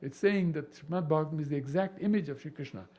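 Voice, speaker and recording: A man teaching a devotional scripture class, animated and full of rhetorical questions. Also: on the high side, quick pace. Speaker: spiritual teacher.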